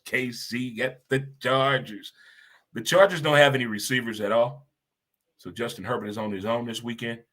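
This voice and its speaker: A man hosting a casual sports talk show, talking in an animated, emphatic way and repeating lines for effect. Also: fairly low pitch. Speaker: show host.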